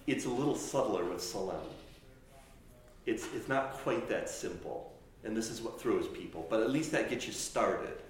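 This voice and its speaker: A man's voice: on the low side, lively intonation. A man teaching a class on chant, explaining step by step with frequent restarts and sung or spoken examples. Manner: explanatory, halting with restarts, demonstrates phrases by singing and speaking. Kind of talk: classroom lecture. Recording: very echoey room with faint noise.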